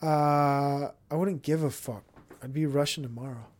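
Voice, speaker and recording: A man's voice: on the high side, steady tone, unhurried, a little mellow. Rambling, profane man. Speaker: podcast host. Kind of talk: casual monologue.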